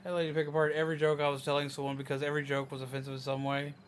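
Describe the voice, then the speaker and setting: A young man streaming a game rattles off a rant very fast in a slightly high voice, and the tone comes through clean. He swears freely and mocks people with put-on voices, ranting in a casual, animated way.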